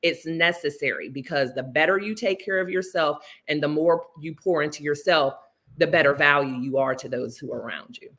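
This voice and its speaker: An earnest woman author and life coach talks on a livestream, sounding motivational and emphatic. Her voice sits low but has a bright, forceful edge. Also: fairly quick. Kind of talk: livestream conversation.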